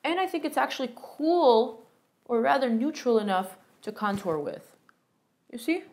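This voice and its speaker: A woman's voice: a little high, animated, normal speed, a little mellow. Chatty young woman reviewing makeup. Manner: chatty and enthusiastic, playful asides. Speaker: beauty vlogger. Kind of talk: makeup tutorial and product review.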